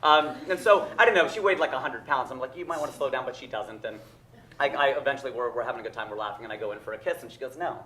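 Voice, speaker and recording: A man in his thirties telling a long story as a stand-up comedian, getting loud at the punchlines. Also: mid-range voice, rapid-fire. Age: 30s. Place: comedy club stage with a laughing audience. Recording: roomy live club with crowd laughter.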